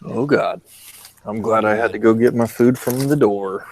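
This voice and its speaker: A man's voice: fairly low pitch, normal speed, darkish tone, low-quality recording. A man co-hosting a casual podcast who jokes around and sounds exasperated. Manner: exasperated, joking. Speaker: podcast co-host. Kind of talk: casual banter.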